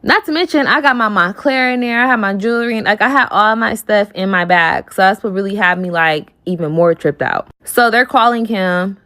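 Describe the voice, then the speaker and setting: A woman's voice: mid-range voice, fairly quick, hardly any pauses, bright, forceful tone. A young woman telling a casual storytime, heated and profane, acting out what others said in her retelling. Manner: heated, profane retelling that acts out quoted dialogue.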